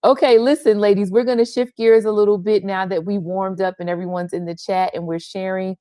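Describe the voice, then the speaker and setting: A woman's voice: medium pitch, steady tone, brisk, dark tone, no room sound, studio quality. Effusive middle-aged woman hosting a video call. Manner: effusive, affectionate, greets people by name. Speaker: host of an online women's faith gathering. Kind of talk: casual welcome and chat with viewers. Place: sun porch at home.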